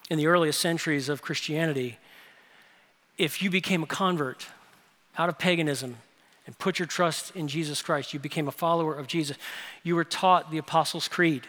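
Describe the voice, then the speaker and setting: A man's voice: on the high side, normal speed, pushed and bright. A man preaching a sermon as pastor, emphatic and building to raised intensity. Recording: long hall reverb.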